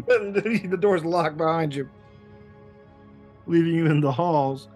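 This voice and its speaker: A man narrating a tabletop game as game master, stopping often to restart his phrases. His voice sits somewhat high for a man. Faint music plays underneath. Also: fairly even intonation, normal speed. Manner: hesitant, many fillers and restarts.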